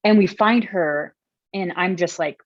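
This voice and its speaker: Interview guest: woman, very low voice, chatty storyteller with lots of fillers, dry dull remote audio. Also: a little slow, no room sound. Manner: chatty, many fillers, gets emotional when telling stories. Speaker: podcast guest.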